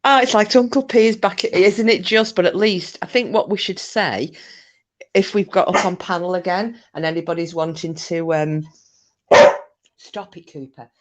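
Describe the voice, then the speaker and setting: With a fairly low pitch and a moderate pace, a Scottish woman hosts a relaxed live chat for her viewers. She jokes and wanders, peppering her talk with fillers and restarts.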